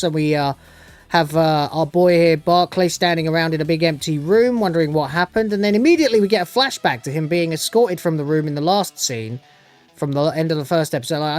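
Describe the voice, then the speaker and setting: A man giving a casual, rambling TV review, sarcastic and sweary with lots of restarts. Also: fairly high pitch.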